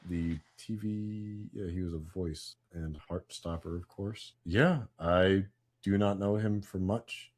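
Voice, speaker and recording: Excitable man on a podcast. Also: low-pitched, slow. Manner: excitable, swings into loud hype bursts. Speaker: podcast co-host. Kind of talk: casual pop-culture chat.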